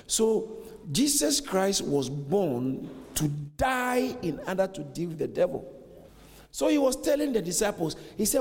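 A man preaches with lively swings of pitch in a slightly raised voice. He acts out the scripture voices as he goes. His words ring with the long reverb of a church hall. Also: unhurried, creaky. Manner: animated preaching, acts out dialogue. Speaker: pastor. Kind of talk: sermon.

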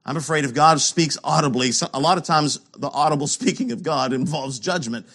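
A man preaching a sermon, asking rhetorical questions and swinging between loud emphasis and hushed lows. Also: fairly quick, slightly rough.

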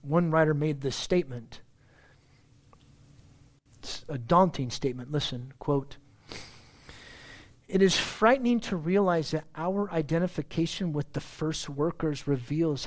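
A man's voice: on the high side, a little slow. Man preaching in a conversational tone. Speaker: pastor. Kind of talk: sermon.

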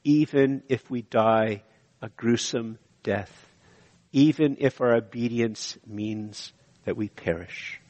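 A middle-aged pastor preaches with passion, circling back to the same phrases and swinging between near-hushed lines and loud bursts. His voice sits at an ordinary male pitch. A long reverb trails each phrase through the church. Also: slow, dull audio. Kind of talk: sermon. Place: church sanctuary.

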